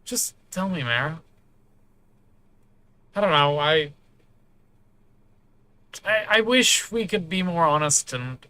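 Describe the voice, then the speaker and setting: A man's voice: a little high, lively intonation, takes it slowly, pauses often, sharp tone, clear, resonant tone, no echo, voice pushed up, full character voice. A man voicing a hurt young woman who is crying, stammering and lashing out. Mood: pleading. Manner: trembling, stammering, then lashing out.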